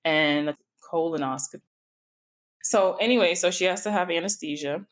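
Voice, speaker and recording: A woman's voice: lowish voice, normal speed. A middle-aged woman hosting a podcast, telling a personal story in a candid, informal way that wanders into tangents. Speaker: podcast host.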